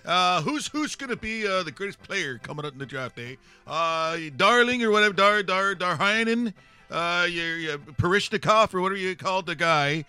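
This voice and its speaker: A man's voice: sits high, lively intonation, normal speed, sharp tone, smooth, dry recording, faint music behind, pitched above the performer's own voice, exaggerated voice. A man putting on a brash, ranting older hockey pundit who tags his lines with "eh" and won't be interrupted.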